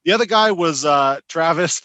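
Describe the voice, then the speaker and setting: A man's voice: a little high, moderate pace, pushed and bright, no room sound. A man co-hosting a podcast, talking fantasy football in a loose, rambling way. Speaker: podcast co-host. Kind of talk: casual sports chat.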